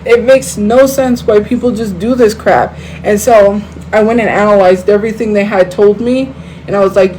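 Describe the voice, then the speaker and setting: A woman's voice: mid-range voice, brisk, a little mellow, slight background noise, poor audio. A woman hosting a livestream, talking heatedly to viewers in a rambling, casual way, full of fillers and restarts, into a phone. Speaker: livestream host.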